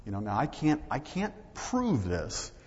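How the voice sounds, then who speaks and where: A man's voice: mid-range voice, wildly swooping pitch, a little slow, darkish tone. A man preaching a sermon as pastor, talking conversationally and acting out little dialogues. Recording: dull lo-fi audio with long hall reverb.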